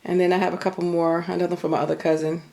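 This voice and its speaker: A woman's voice: lowish voice, little pitch movement, rapid-fire, gravelly, dark tone. A middle-aged woman chatting casually as she shows off her crafts in a home vlog, rambling with lots of fillers and a little out of breath. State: a bit out of breath. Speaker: craft YouTuber. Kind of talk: casual show-and-tell vlog. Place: at home craft table, behind the camera.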